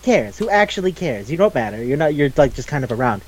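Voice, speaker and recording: A man's voice: mid-range voice, big pitch swings, fast talker, low-quality recording. A young adult man hosting a podcast, chatting casually and animatedly, laughing often and swearing freely. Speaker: podcast host. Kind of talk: casual chat.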